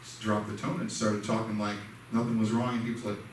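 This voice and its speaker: A man's voice: on the low side, little pitch movement, brisk. A man giving a casual, conversational lesson at a church, telling personal stories. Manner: conversational, self-deprecating, acts out quoted dialogue. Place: church sanctuary. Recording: echoey hall, mic far off, faint noise.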